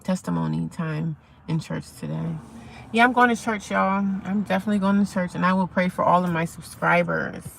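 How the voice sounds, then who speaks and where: Gravelly-voiced woman streaming to her viewers. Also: on the low side, moderate pace, fairly bright tone, a little hiss or hum. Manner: chatty, talks to viewers and reads chat aloud. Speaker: live streamer. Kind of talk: casual live stream chat. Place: outdoors at sunrise.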